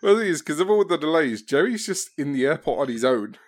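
A man's voice: fairly high pitch, very animated, fast. A man co-hosting a casual film podcast, joking and teasing. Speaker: podcast co-host.

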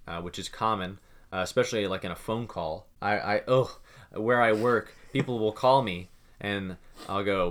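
A young man co-hosting a casual talk show, rambling and repeating words as he thinks out loud. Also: low-pitched, fairly even intonation, normal speed. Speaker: podcast co-host. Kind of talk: casual chat.

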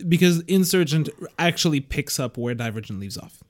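A young man co-hosting a podcast, chatting casually and throwing in quick quips. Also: fairly high pitch, animated. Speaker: podcast co-host.

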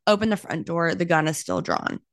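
A young woman, a realtor hosting her own podcast, telling a story in an animated, casual way and saying "like" a lot. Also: fairly low pitch, brisk, no echo, studio quality. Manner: animated, talks with her hands, heavy use of "like".

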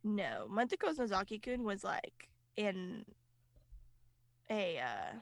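A woman's voice: medium pitch, very animated, slow, creaky, no echo. A woman co-hosting a podcast in casual chat, laid-back, laughing easily and swearing casually. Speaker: podcast co-host.

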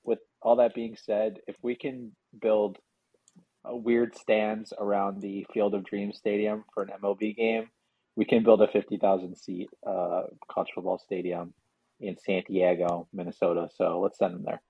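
A lower-voiced man with a husky tone rambles thoughtfully in a casual chat. His voice comes through a tinny, phone-like line, dry and narrow. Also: level tone, moderate pace, no echo.

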